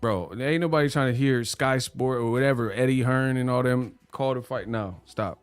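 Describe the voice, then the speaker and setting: A man hosting a boxing livestream, talking in animated slang and laughing often. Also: mid-range voice, moderate pace, clear, resonant tone, no echo, faint music behind. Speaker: boxing channel host. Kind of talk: livestream commentary.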